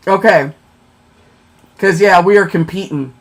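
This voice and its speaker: A woman's voice: mid-range voice, animated, unhurried. A woman hosting a casual livestream, chatting with viewers, answering them by name and often checking in with "okay?". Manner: chatty, keeps tagging lines with "okay?". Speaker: livestream host.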